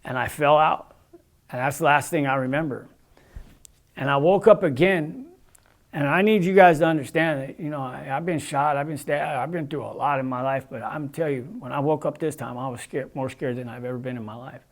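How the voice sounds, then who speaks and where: A man's voice: medium pitch, a little fast. A man giving an earnest casual testimony as a guest, with many "you know"s and restarts as he tells his story.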